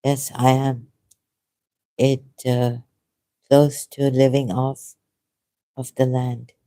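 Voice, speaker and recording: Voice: mid-range voice, flat delivery, takes it slowly, warm tone. A speaker in casual conversation who talks in a rambling, hesitant, self-deprecating way. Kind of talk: casual debate chat.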